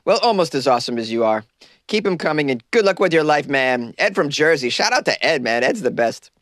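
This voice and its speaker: A man's voice: fairly high pitch, very animated, brisk, a bit bright, dry recording, studio quality. A man hosting his own podcast, talking casually and loosely, rambling a bit and poking fun at himself, recorded in a small closet. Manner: loose, rambling, self-deprecating. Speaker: podcast host. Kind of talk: casual solo podcast chat.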